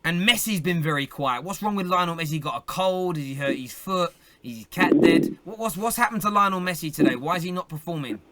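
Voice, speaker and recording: A man's voice: a little high, animated, a little fast, noisy background. A man hosting a live football fan phone-in, chatting casually, teasing and laughing often. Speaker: phone-in show host.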